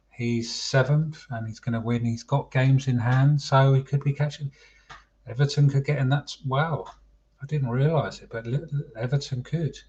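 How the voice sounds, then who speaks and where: Bloke doing a live football chat stream, average pitch, chatty, calls everyone mate, kinda dull lo-fi audio. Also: male voice, darkish tone. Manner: chatty, addresses viewers as mate. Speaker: livestream football chat host.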